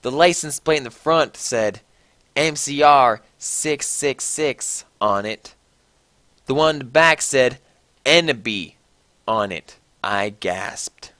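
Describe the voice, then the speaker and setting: A man's voice: mid-range voice, lively intonation, slow, bright, forceful tone, dry recording. A man giving a sarcastic, mock-dramatic comic reading of a story. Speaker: reader.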